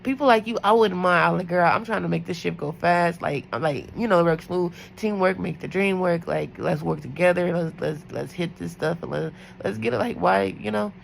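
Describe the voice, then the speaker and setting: A young adult woman, a night nurse, chatting casually about a work shift and acting out quotes in higher voices. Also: moderate pace, few pauses, slight background noise, low-quality recording. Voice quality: gravelly. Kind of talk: casual storytelling.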